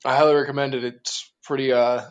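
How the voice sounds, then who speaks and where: A man being interviewed as a guest, speaking in a relaxed, easygoing way and laughing along. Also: medium pitch, brisk, clear, resonant tone. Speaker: interview guest, group organizer. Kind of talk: casual interview conversation.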